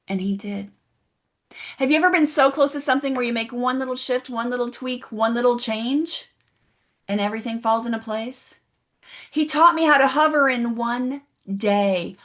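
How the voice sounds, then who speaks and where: At an online event with the audience in chat, a woman gives a motivational keynote, recounting a story and putting direct questions to listeners. Her voice sits high and sounds a bit bright.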